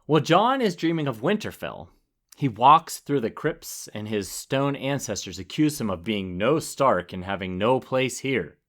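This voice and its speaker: A man's voice: mid-range voice, sing-song, unhurried, fairly bright tone. A man co-hosting a podcast, reacting wryly in casual chat and reading a chapter summary. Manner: wry, easygoing responder. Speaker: podcast co-host.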